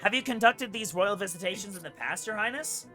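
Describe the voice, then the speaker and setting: A man voicing a stern judge who presides over a trial in formal, measured pronouncements. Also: high-pitched, pushed and bright, soft background music. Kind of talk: voicing a character in a game playthrough.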